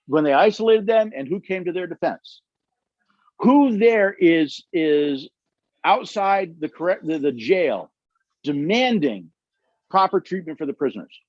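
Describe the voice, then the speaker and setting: A man's voice: on the high side, lively intonation, unhurried, no room sound, muffled recording. A man leading a constitution study session, telling stories emphatically and acting out the quotes, with audience questions. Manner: emphatic storytelling, acts out quotes.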